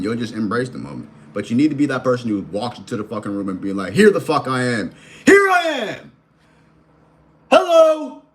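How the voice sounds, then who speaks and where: A man's voice: mid-range voice, slight background noise. A man in his thirties giving a blunt, profane, slang-heavy motivational rant, firing questions straight at the viewer. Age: 30s. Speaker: vlogger and life coach.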